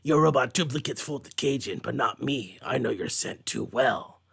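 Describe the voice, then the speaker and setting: A man voicing a gruff, clawed male comic book hero, reading slower and lower. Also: expressive, fairly bright tone, heavily acted.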